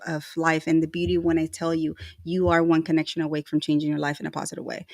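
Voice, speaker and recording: A woman's voice: on the low side, a bit bright, dry recording, clean studio sound. An effusive, emotional woman co-hosting a casual live-streamed podcast, thanking sponsors in slangy, upbeat chat. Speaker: podcast co-host.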